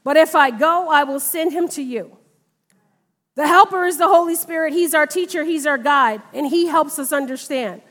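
A high-pitched woman delivers a sermon in a church sanctuary, her voice ringing with a long hall reverb. She speaks in a conversational way, weaving a personal testimony into her teaching. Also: moderate pace. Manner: conversational, animated in retold dialogue. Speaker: preacher.

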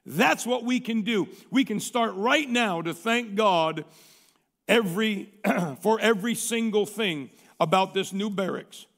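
A male pastor preaching a sermon in a conversational, folksy way, reading a story aloud and often clearing his throat. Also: high-pitched, a little slow, fairly bright tone, in a large hall.

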